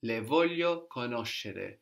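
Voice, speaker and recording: A man's voice: mid-range voice, expressive, slow, vocal fry, a bit bright. Patient male language teacher. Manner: patient, prompting questions, repeats answers. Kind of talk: guided language lesson.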